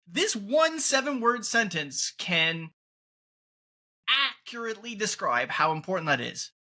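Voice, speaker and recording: A man's voice: fairly high pitch, sharp tone. A man hosting a casual podcast, talking emphatically and often restarting his phrases. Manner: emphatic, restarts and repeats words. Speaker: podcast host.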